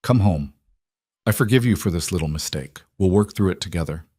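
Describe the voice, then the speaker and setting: A man voicing a controlling husband who speaks smugly and with false gentleness. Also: low voice, expressive, a little fast, breathy edge, no room sound, clean studio sound. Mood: menacing. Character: menacing controlling male detective husband.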